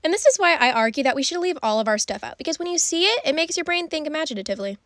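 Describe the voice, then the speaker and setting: A woman's voice: high-pitched, animated, racing, a bit bright, slight background noise. A young American woman chatting in a rambling, playful voice-over over her sewing video. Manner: rambling, playful, self-deprecating. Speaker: costume sewing vlogger.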